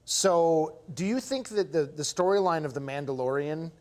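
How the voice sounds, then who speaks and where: Higher-voiced man, loose and profane. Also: expressive, normal speed, a little mellow. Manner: loose, profane, rambling storyteller. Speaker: podcast co-host. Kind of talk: casual chat.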